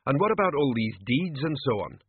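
A man's voice: medium pitch, big pitch swings, brisk, breathy edge, dry recording, pitched above the performer's own voice. A man voicing a practical, matter-of-fact thief, on a tinny, phone-like recording. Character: practical, gruff male thief. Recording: tinny phone-like dry audio.

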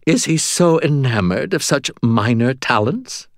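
A man's voice: medium pitch, lively intonation, measured pace, no echo, studio quality, voice pushed up. A man voicing a cold, haughty female ghost in an audiobook, speaking in an imperious, smug manner. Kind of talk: audiobook character voice.

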